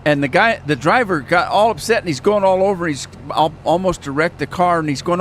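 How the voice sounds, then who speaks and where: A man's voice: high-pitched, a little fast, few pauses, slight background noise. Chatty man streaming a farming game. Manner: chatty, rambling, laughs at his own jokes. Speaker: gaming live streamer. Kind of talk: casual live-stream commentary.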